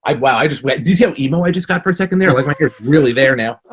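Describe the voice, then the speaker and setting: A man talking as a podcast guest, telling stories in a profane, animated way. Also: medium pitch, very fast. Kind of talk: casual chat.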